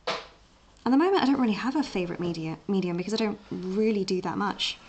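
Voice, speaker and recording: A young woman from England talks while she draws at home, her accent carrying a light Essex tinge. She chats in a loose, rambling way, full of fillers and restarts, with a middling pitch. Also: fast talker, darkish tone, a little hiss or hum. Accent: Essex-tinged English. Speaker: livestream art host. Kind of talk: casual chat while drawing.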